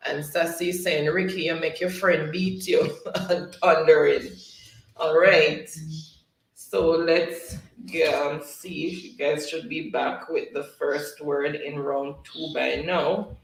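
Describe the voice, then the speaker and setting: A man's voice: a little high, steady tone, slow pace, vocal fry. A man hosting a casual livestream, reading viewer comments aloud and laughing often between them. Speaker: livestream host. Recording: roomy, distant from the mic.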